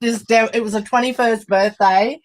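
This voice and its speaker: A woman's voice: fairly high pitch, steady tone, normal speed. A woman, a blunt, swearing guest in a casual podcast chat. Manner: blunt, swearing, laughs a lot.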